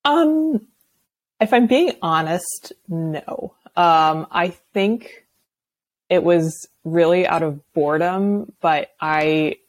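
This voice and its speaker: Low-voiced chatty young woman. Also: expressive, takes it slowly. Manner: chatty, laughs often, many filler likes. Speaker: podcast guest. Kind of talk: casual chat.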